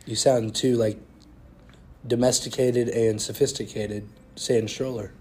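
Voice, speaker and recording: A man's voice: medium pitch, flat delivery, unhurried, a little mellow, breathy edge. Teasing young man. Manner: teasing, joking. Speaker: podcast co-host. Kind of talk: casual chat.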